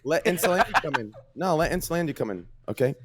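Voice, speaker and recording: A man's voice: a little high, expressive, quick pace. A man in casual group banter on a podcast, emphatic and repeating himself. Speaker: podcast guest.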